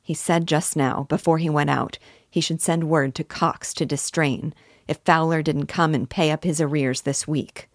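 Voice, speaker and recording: A woman's voice: sits low, fairly even intonation, moderate pace, dry recording, clean studio sound. A woman reading the lines of a gloomy young man who speaks savagely to his brother. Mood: angry. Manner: savage, tense. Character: gloomy, bitter young man, quick to anger.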